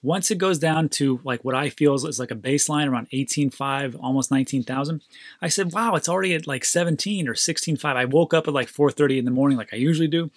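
A man hosting a crypto channel, talking casually and excitably straight to his viewers, ranting and getting worked up. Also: medium pitch, quick pace, no echo, clean studio sound. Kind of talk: casual commentary monologue.

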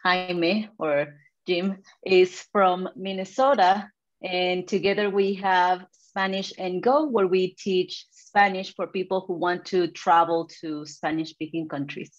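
A woman's voice: fairly low pitch, fairly even intonation, takes it slowly. A woman introducing herself and her co-host as guests on an online panel. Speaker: language content creator, guest. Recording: dull, muffled sound.

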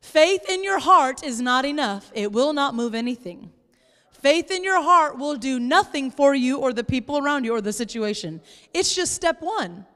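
A woman pastor preaching a sermon in church, lively and playful, sometimes acting out exasperated voices. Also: sits high, normal speed, big-room sound. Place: church sanctuary.

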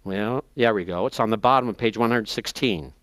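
A man in a seminary lecture, explaining texts step by step, slowing down to spell out terms and page numbers, thinking aloud as he checks his notes. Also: on the low side, fairly bright tone. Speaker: seminary professor. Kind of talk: classroom lecture.

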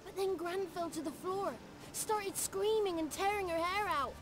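A woman's voice: very high-pitched, a little slow. A woman voicing a scrappy, nervous young boy godling in a video game, talking in a rustic folksy dialect. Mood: telling. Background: game music.

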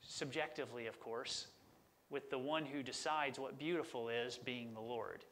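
A man's voice: mid-range voice, moderate pace, a bit bright. A middle-aged man preaching a sermon as a pastor, conversational and enthusiastic about word meanings.

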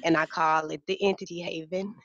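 Earnest young woman, low voice. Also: fairly even intonation, fairly quick, a bit bright, no room sound, highs cut off. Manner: earnest, impassioned, Southern-tinged casual speech. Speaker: nonprofit founder, guest. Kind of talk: emotional interview talk.

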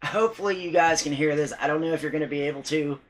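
A man with a somewhat high-set voice talks in a loose, unscripted vlog style. He rambles and hesitates, restarting his sentences and swearing now and then. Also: fast talker, rough recording. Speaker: paranormal vlogger. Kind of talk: casual vlog talk.

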